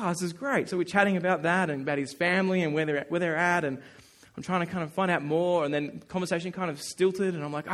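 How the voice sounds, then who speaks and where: A male pastor preaching a sermon, telling a personal story in an animated, earnest way and acting out his own thoughts. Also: sits high. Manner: earnest and emphatic.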